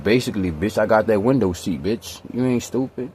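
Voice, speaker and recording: Low-voiced man telling a rambling profane story. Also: moderate pace, darkish tone, a little hiss or hum. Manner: profane, emphatic, streetwise slang. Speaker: vlogger.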